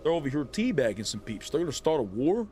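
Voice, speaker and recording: A man's voice: on the high side, big pitch swings, quick pace, warm tone, a little hiss or hum. A man streaming a live game, chatting casually and teasing the players he fights. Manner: playful, taunting, talks to enemy players. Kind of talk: live gameplay commentary.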